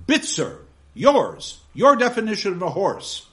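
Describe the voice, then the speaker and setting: A man's voice: fairly high pitch, sing-song, normal speed, a bit bright. A man reading aloud as a stern, pompous male schoolmaster obsessed with facts, in an emphatic, commanding way. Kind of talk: dramatic reading of a novel.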